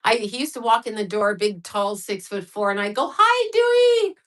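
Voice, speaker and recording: A woman's voice: mid-range voice, fairly even intonation, fairly quick, a bit bright. Woman, middle-aged, livestream host, casual, rambling, chatty. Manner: chatty, rambling, reacts to viewer comments.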